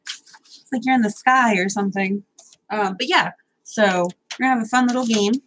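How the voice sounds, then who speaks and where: A woman's voice: medium pitch, moderate pace, a bit bright, a little hiss or hum, low-quality recording. A young woman hosting a casual live stream, chatty, nervous and self-deprecating, swearing now and then as she sorts out technical problems.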